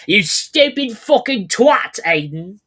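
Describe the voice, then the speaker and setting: A man voicing a caricature of a British viewer who scolds and swears loudly in a mock British accent. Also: sits high, sing-song, slow, slightly rough, voice pushed up, heavily acted. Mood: scolding. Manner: scolding, profane, loud.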